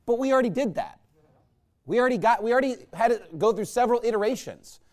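A man's voice: extremely high pitch, lively intonation, fast talker, darkish tone. A man preaching a conversational sermon in a folksy, rambling way, checking in with the congregation with rhetorical questions. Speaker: pastor.

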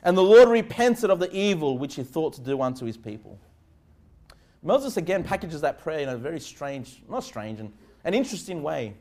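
High-voiced man preaching a conversational sermon. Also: sing-song, normal speed. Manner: conversational preaching, rising to loud emphatic prayer. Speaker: pastor.

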